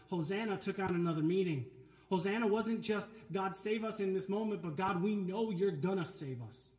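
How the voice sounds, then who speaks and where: A man, a pastor, preaching an earnest, emphatic sermon in a church sanctuary. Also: sits high. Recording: echoey church room.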